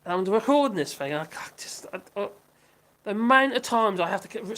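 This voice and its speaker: A woman's voice: mid-range voice, lively intonation, fairly quick, fairly bright tone. Giggly older woman chatting live. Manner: chatty, giggly, rambling, self-correcting. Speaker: livestream host. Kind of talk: casual live chat reading viewer comments.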